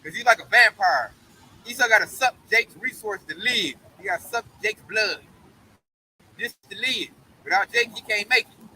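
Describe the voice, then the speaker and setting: A man's voice: sits high, big pitch swings, normal speed, sharp tone, slight background noise, poor audio. A man giving an emphatic, slangy Bible study, often tagging his points with "man". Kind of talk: casual preaching discussion.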